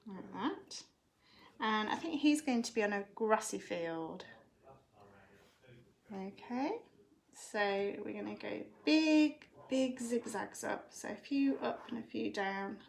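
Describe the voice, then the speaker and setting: A woman's voice: a little high, lively intonation, slow, creaky. A woman giving a live drawing lesson for children from home, explaining each step patiently. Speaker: drawing teacher.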